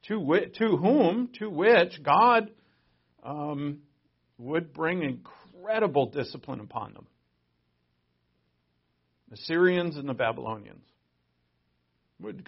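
A middle-aged man preaching a sermon as a pastor, conversational and joking, swinging between loud emphasis and quiet asides. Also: fairly high pitch, husky, highs cut off.

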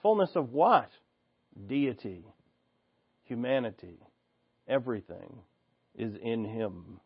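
A man delivers an expository sermon at an ordinary middle pitch, reading scripture and then explaining it with earnest asides and restarts. The recording is dry, with no room sound, and a little dull and lo-fi. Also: big pitch swings, slow, husky, dry recording. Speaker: preacher.

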